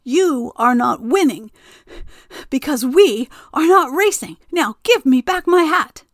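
A woman's voice: medium pitch, expressive, unhurried, bright, forceful tone, dry recording, heavily acted. A stern old woman voiced by a woman with no time for games, firm and scolding as she insists on her work. It is a storybook reading, recorded close and dry. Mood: indignant.

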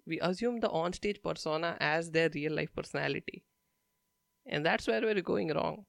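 A man's voice: fairly high pitch, moderate pace, vocal fry, no echo, clean studio sound. A young man from India, a stand-up comedian telling stories in a blunt, profane, casual monologue.

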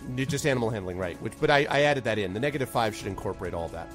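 A man's voice: lowish voice, animated, very fast, soft background music. A man narrating as game master, loose and chatty with many ums. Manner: loose, filler-heavy narration with frequent laughs.

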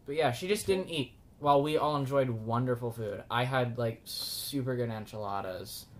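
Very low-pitched Midwestern woman, animated anecdote teller. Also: normal speed. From American Midwest. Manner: animated storyteller, acts out quotes. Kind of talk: casual chat.

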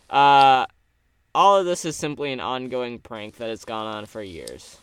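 A young man with an average-pitched voice, talking in casual chat. He reads things out flatly and then rants with playful, exaggerated outrage. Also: measured pace, clean tone, dry recording.

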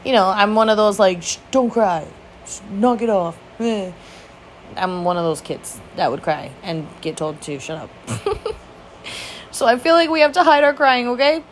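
Woman, casual storyteller, rambling, self-mocking, swears, laughs a lot, mid-pitched voice, faint background hiss. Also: big pitch swings, moderate pace. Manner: chatty, swears freely, laughs often. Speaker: vlog host.

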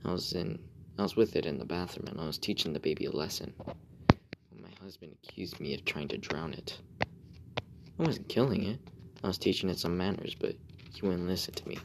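Gravelly deep-voiced man narrating horror. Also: lively intonation, a little hiss or hum, rough recording. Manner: slow, hushed, often dropping to a whisper.

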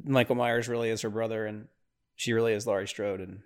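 A man's voice: fairly low pitch, fairly even intonation, brisk. A man hosting a podcast, giving casual watch-along commentary on a movie in a rambling, reactive way with sudden exasperated outbursts. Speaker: podcast host.

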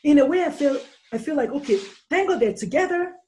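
A woman's voice: sits high, lively intonation, a little fast, mellow. A woman, a guest on a podcast and a mother of three sons, speaking emphatically and firing off rhetorical questions, sometimes swearing. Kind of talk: impassioned conversation.

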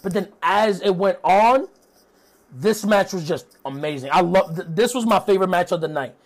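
Profane, high-pitched young man doing a recap. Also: normal speed. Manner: loose and profane, with many fillers and asides. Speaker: wrestling show reviewer. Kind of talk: casual recap commentary.

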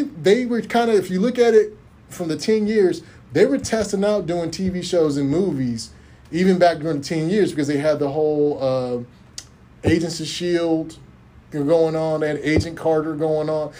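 Man co-host, somewhat high voice, animated and laughing, casual movie chat podcast. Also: measured pace. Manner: animated, laughs often, repeats words.

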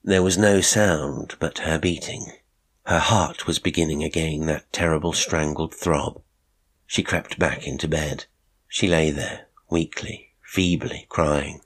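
A man narrating a classic horror short story in a measured, unhurried way. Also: very deep voice, fairly even intonation. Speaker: narrator and producer.

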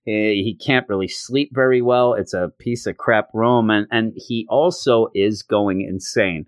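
A man's voice: on the low side, measured pace, no echo. Gleeful middle-aged man reviewing comics. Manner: animated, gleeful, acts out the dialogue. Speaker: podcast host. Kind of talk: comic book review podcast.

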